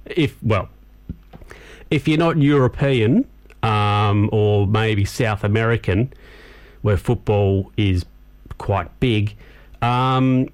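A man's voice: fairly low pitch, slow, long pauses, a little mellow. Rambling, tired radio host man. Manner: rambling, many ums and you-knows. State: tired, yawning. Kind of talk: casual chat between songs.

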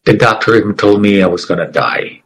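A middle-aged man giving an earnest, emotional personal testimony as an interview guest, with dramatic pauses. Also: lowish voice, lively intonation, slightly rough, rough recording.

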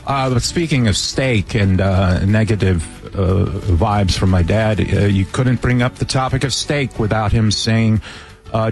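A man's voice: on the low side, measured pace. A man co-hosting a radio morning show, sheepish and self-deprecating. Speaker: radio co-host. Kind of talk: casual morning show banter.

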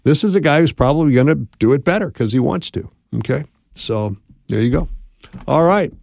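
A man's voice: on the high side, lively intonation, a little fast, vocal fry, darkish tone, no echo. Male call-in host: dry studio sound, upbeat and folksy with callers. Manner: friendly, upbeat greetings, folksy advice. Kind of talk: advice call-in radio. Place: radio studio. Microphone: studio mic.

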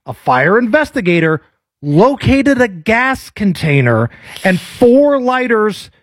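A male radio host, talking in a high, bouncy voice that swings widely in pitch. He banters playfully and puts on a mock newscaster read now and then. His voice is a little husky, and the sound is dry and close. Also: no echo. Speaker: radio talk show host.

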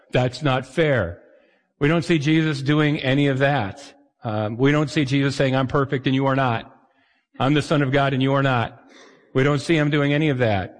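A male pastor delivering a conversational sermon with dry humor, slipping into little voices for the people he quotes. His voice sits at an ordinary pitch and hangs in the long reverb of a church hall.

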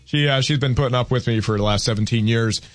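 A man's voice: medium pitch, fast, no room sound. A man hosting a call-in radio talk show from a studio, rambling and joking about himself in casual chat. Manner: rambling, self-deprecating, playful. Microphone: studio microphone.

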